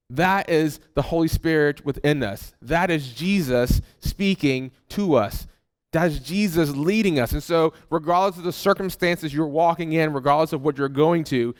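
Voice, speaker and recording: A man preaching a sermon as pastor, earnest and repeating phrases for emphasis. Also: fairly high pitch. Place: church hall.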